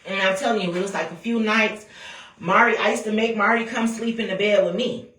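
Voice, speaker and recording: A woman telling a story about her own family, talking bluntly with lots of swearing and animated retelling. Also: mid-range voice, a little fast, a little hiss or hum. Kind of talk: casual storytime rant. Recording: echoey room, voice a bit far from mic.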